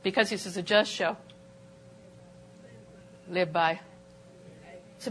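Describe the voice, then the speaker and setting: Older woman, preacher, bright clear tone, emphatic sermon delivery, church auditorium. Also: slow pace, a little hiss or hum. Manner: animated, emphatic delivery with sudden pitch jumps.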